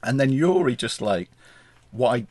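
A man's voice: mid-range voice, expressive, normal speed, darkish tone. A man co-hosting a casual chat, wryly retelling a film scene by scene. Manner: wry, laughs often, rambling retelling. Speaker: podcast co-host.

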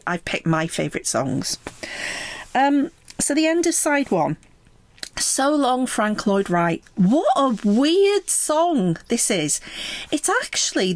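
A woman chats her way through a favourite album in a relaxed, rambling spoken review. She speaks slowly and takes her time with each thought. The sound is close and dry, with no room echo. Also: on the high side. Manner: relaxed and chatty, with frequent ums and laughs. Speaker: music reviewer.

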